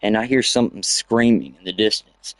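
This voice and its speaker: A man on a live game stream, casually telling a story in a profane, excitable way. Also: on the low side, brisk, no room sound. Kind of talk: casual storytelling while gaming.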